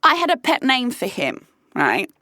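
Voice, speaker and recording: A woman telling a personal story in a casual vlog, her fairly high voice leaping up and down as she swears and reacts in disbelief. The sound is close and dry, with no room around it. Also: normal speed, no room sound. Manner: animated, swearing freely, incredulous. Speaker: podcast host.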